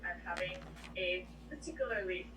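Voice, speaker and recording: A woman's voice: on the low side, moderate pace, sharp tone, slight background noise. Hesitant woman student on an echoey call. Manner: hesitant, tentative answers.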